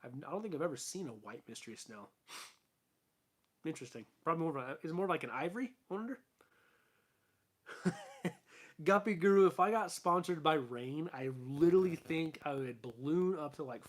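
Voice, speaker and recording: A young man talks casually to his stream viewers from his fish room at home, rambling through fillers and false starts. His voice sits a little higher than most men's and is starting to wear out and turn hoarse. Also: lively intonation, fairly quick. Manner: rambling, chatty, fillers and restarts. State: losing his voice. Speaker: aquarium channel host. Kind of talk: casual live stream chat.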